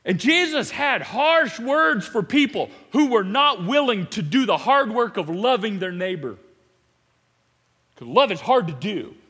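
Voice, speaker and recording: Man, pastor; high bright voice, animated and emphatic; sanctuary reverb. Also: unhurried, slightly rough. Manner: animated, emphatic, laughs and repeats himself. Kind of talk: sermon. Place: church sanctuary.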